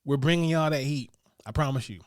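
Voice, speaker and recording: A man's voice: on the high side, a little fast, no room sound, clean studio sound. Slangy hyped-up male podcast host. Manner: hype, slangy, talks straight to listeners. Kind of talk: casual podcast chat and rapid review rundown.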